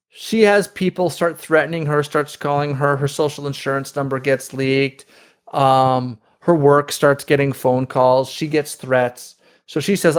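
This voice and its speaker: A man with a slightly high speaking voice talks through a story on a podcast. He explains at length, restarts phrases often and acts out what others said along the way. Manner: explanatory, with many restarts and quoted retellings. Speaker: podcast guest. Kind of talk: conversational interview.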